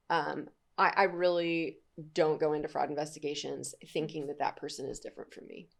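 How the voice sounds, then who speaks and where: A woman with a notably low voice hosts a casual podcast interview. She talks candidly and at length, and laughs easily between points. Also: flat delivery, normal speed, gravelly. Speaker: podcast host.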